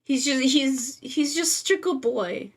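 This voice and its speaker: A woman streamer talks in a bright, high voice, gushing and playful as she chats on her live stream. She drops casual swear words and keeps an unhurried pace. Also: animated, slightly rough.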